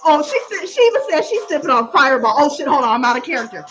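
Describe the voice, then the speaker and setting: A woman's voice: high voice, quick pace, few pauses, muffled recording, over music. A woman tarot reader hosting a livestream in a brash, hyped persona, rhyming, cursing and laughing as she banters with her chat. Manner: loud and excitable, often laughing.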